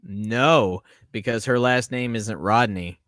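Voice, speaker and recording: A man's voice: medium pitch, slow pace, fairly bright tone, no room sound, studio quality. A man hosting a casual live stream, chatty, laughing often and swearing freely.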